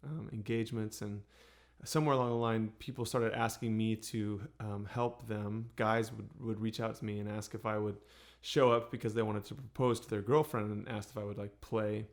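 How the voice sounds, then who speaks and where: A singer-songwriter chatting in a relaxed, unhurried way, with many pauses and fillers. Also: male voice, lowish voice. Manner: soft, unhurried, with many ums and restarts. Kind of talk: relaxed storytelling between songs.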